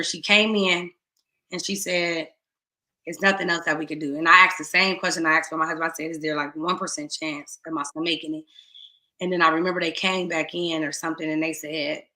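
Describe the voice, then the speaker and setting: A middle-aged woman giving a raw, emotional personal testimony. She swings between tearful hushed moments and rising outbursts. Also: lowish voice, echoey room. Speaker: guest speaker.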